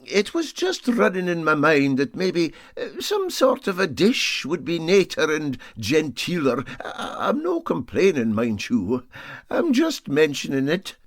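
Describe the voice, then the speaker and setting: Male reader doing a gentle, tactful Scottish captain, coaxing and polite, lively intonation. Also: fairly high pitch, unhurried, dry recording, clean studio sound, voice pushed up, full character voice. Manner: mild, coaxing, slightly raised voice. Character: mild, polite older male boat captain.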